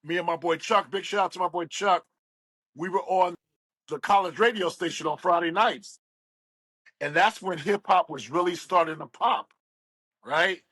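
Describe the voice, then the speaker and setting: On a rough, echo-free recording, a high-pitched middle-aged man tells stories as a guest in an interview. The West Virginia radio DJ is an animated storyteller who plays out the voices of the people he quotes.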